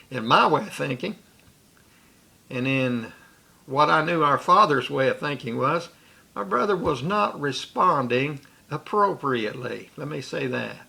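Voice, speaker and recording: Gravelly-voiced man telling an old story. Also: on the high side, lively intonation, measured pace, long pauses, pushed and bright. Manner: rambling, with restarts and asides. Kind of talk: recounting a personal memory.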